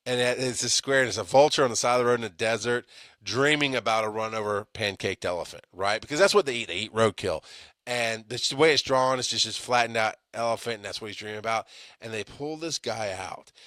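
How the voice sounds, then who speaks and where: A man's voice: mid-range voice, fairly quick, a bit bright, no room sound, studio quality. A man hosting an EMS show, telling a story in a rambling, casual way with many restarts. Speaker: EMS podcast host.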